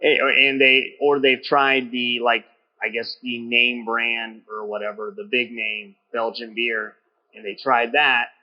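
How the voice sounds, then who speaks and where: A man's voice: medium pitch, flat delivery, measured pace. A chatty male podcast host talks casually in a brewery taproom. He rambles and often restarts his sentences. The recording sounds a little dull. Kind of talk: casual interview chat.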